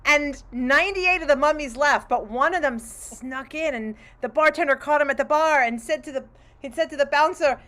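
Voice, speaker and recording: A woman improv performer telling quick jokes in an animated way on a video call, laughing between punchlines. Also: high voice.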